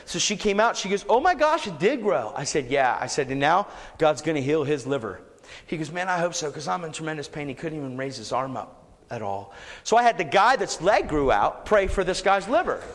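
Male preacher, lively swooping delivery, recorded in a reverberant hall. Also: fairly high pitch, fairly quick. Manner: animated, building to shouts. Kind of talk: storytelling sermon.

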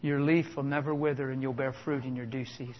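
A man's voice: medium pitch, flat delivery, quick pace, a little hiss or hum. A man preaching a sermon with exuberant, emphatic delivery, chuckling between points. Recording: dull lo-fi sound with long hall reverb.

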